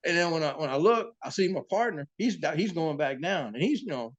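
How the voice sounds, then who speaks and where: A man's voice: a little high, fairly quick. Salty man telling sea stories. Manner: profane, animated sea-story telling. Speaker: boat captain and interview guest. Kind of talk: casual storytelling.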